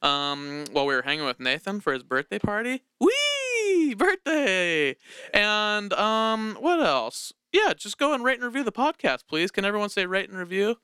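A man's voice: high-pitched, big pitch swings, moderate pace, bright, forceful tone, clean tone, dry recording. A man hosting a casual podcast in a studio, upbeat and jokey, laughing often. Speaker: podcast host.

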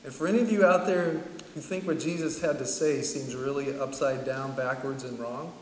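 A man's voice: mid-range voice, fairly even intonation, normal speed, distant mic. A middle-aged man preaching a sermon, telling a personal story in a casual, chatty way with frequent laughter. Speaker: pastor. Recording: echoey hall, voice from afar, faint ambient noise.

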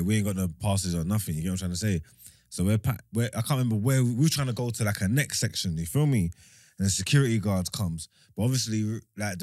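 A man's voice: on the low side, darkish tone, no room sound, clean studio sound. A man, a podcast host telling stories in casual, slang-heavy chat with friends. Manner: laid-back slang-heavy banter, laughing.

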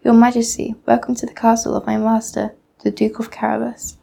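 A crafty, bossy male cat from a storybook, quick to give orders and full of schemes, as a teenage girl reads him. The voice is dark and mellow with a gravelly edge. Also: fairly high pitch, flat delivery, exaggerated voice. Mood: sly.

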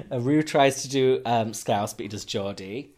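A man's voice: medium pitch, sing-song, unhurried, darkish tone. Joking man recapping a reality show. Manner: joking, sarcastic, rambling. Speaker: podcast co-host. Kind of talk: casual recap chat.

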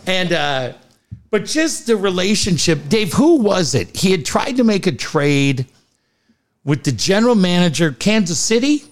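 Speaking a little slowly in a voice that sits high, a man hosting a casual talk show tells a story heavy with swearing. He brings the quotes to life with animated voices.

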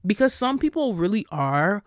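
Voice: medium pitch, very animated, dry recording, clean studio sound. A podcast host ranting heatedly, swearing constantly and peppering the talk with "like". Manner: heated, profane, fast-cutting rant; frequent cursing and "like" fillers. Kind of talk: solo podcast rant.

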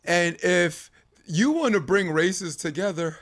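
A man from Brooklyn, hosting a podcast, talking in an animated, emphatic way and repeating his points. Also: high voice, takes it slowly. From Brooklyn, New York. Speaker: podcast host. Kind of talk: casual podcast conversation.

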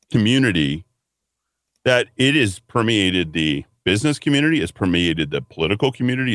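A man's voice: lowish voice, a bit bright, dry recording. A man hosting a talk radio show, ranting bluntly and combatively in a monologue from a radio studio. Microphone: studio microphone.

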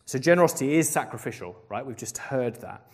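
A man's voice: medium pitch, animated, fast talker, husky. A young man giving a sermon in a chatty, casual way, full of "like" fillers. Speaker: preacher. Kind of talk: conversational sermon.

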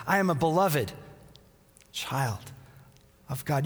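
A man preaching a sermon as pastor, earnest, repeating a refrain and dropping to a soft near-whisper. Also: medium pitch, a little slow, long pauses, breathy edge. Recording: long reverb in a large hall.

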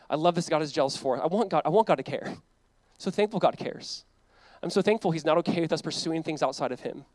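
A man's voice: on the high side, animated, quick pace, a little mellow, no echo. A male pastor preaching a sermon in a conversational way, full of asides and acted-out quotes. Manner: conversational preaching, acts out quoted voices, frequent "like".

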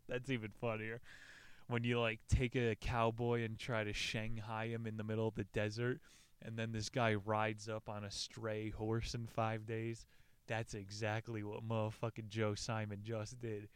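A man's voice: lowish voice, monotone, normal speed, smooth, no room sound. A man casually retelling a survival story, joking and swearing freely as he reads passages aloud. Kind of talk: casual retelling with quoted readings.

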